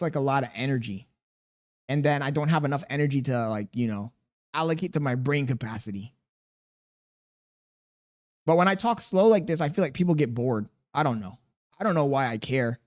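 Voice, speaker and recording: A man's voice: mid-range voice, expressive. A young man with a sore throat, live streaming and reading his chat aloud, laid-back and chuckling as he answers. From Chicago, USA. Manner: laid-back, chuckling, drifts between slow and quick talk.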